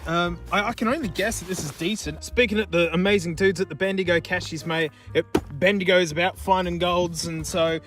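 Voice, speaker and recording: An Australian man chatting casually outdoors in remote bushland, rambling excitedly and joking with the things he finds. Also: high voice, a little fast, few pauses, over music. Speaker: YouTube host. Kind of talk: casual vlog commentary.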